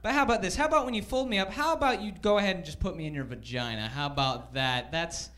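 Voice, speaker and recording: A man's voice: high-pitched, fast, pushed and bright. A man in his twenties doing stand-up in a comedy club, cocky and self-mocking. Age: 20s.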